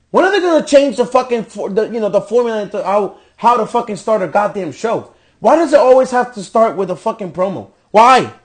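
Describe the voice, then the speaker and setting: High-voiced, profane ranting man. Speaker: podcast host. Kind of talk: ranting wrestling show review.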